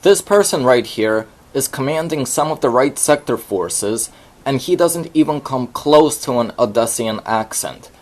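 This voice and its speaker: A man reads a scripted voice-over at a middling pitch. His delivery is measured and explanatory, and he walks through each point in order. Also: expressive. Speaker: narrator.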